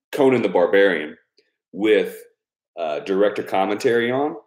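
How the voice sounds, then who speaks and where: A man with a lowish voice chats casually with his supporters. He rambles, swears freely and laughs a lot. The room around him rings with a noticeable echo. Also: a little mellow. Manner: loose, profane and rambling, laughing often. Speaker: YouTube creator thanking patrons. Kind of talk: casual live chat with supporters.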